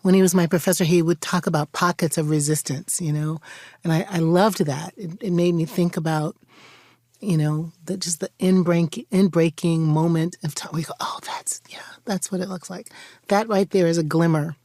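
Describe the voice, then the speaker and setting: Animated older woman telling stories. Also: lowish voice, normal speed, no room sound, clean studio sound. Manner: animated storyteller, acting out voices. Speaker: podcast host and pastor. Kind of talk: warm reflective conversation.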